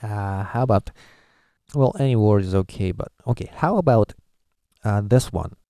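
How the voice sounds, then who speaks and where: A man's voice: lowish voice, moderate pace, mellow, dry recording. A man from Japan, a native Japanese speaker with a Japanese accent, giving a casual language lesson, hesitant with many filler uhs as he sounds out syllables. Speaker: language teacher.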